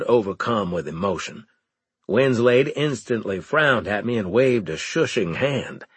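Husky male narrator, slow and lively, dry studio read. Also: medium pitch, no room sound. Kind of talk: first-person audiobook narration.

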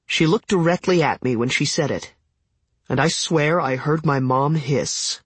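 A man's voice: on the high side, unhurried, husky, no echo. A man reading a novel aloud in first person, with a wry, conversational storytelling manner. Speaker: audiobook narrator. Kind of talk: scripted first-person narration.

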